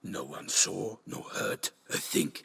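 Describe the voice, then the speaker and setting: An actor playing a proud, gallant knight in a video game, declaiming archaic lines with eager earnestness. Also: male voice, takes it slowly, fairly bright tone.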